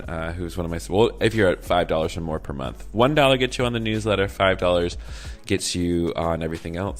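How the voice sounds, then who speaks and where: Deep-voiced campy Southern man. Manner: playful, campy asides. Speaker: podcast host. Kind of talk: casual podcast chat and outro.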